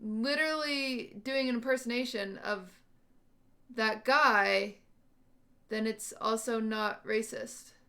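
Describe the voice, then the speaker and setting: Woman streamer, casual chat to viewers, slightly high and bright voice, thinking out loud. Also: slow pace, creaky. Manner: thinking aloud, questioning, unsure. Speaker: livestream host.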